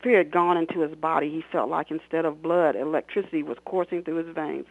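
A creaky, higher-pitched man speaks briskly as he reads a scene from his novel on a radio talk show, shouting his characters' dialogue before chatting about it. The recording is dry and comes through a tinny phone line.

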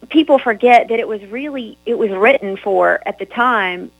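A woman with a Southern US accent, chatting as a guest author in an encouraging, talkative way with quick restarts. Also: on the high side, gravelly, husky, no room sound, narrow, tinny audio. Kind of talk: casual chat.

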